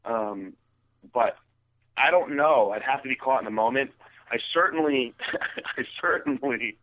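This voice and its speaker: A man's voice: mid-range voice, a little slow. Male co-host, wry crude banter with plenty of fillers, heard on a tinny phone-like line. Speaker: podcast co-host. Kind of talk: casual chat.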